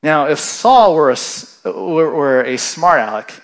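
A male pastor giving a sermon in a relaxed, conversational manner. His voice sits a little high, and he keeps checking in with the congregation as he goes. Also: measured pace.

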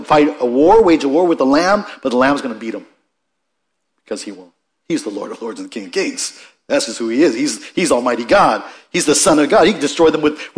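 A man teaching a Bible study in a conversational way, with frequent restarts and asides, rising in emphasis and then dropping to quiet remarks. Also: a little high.

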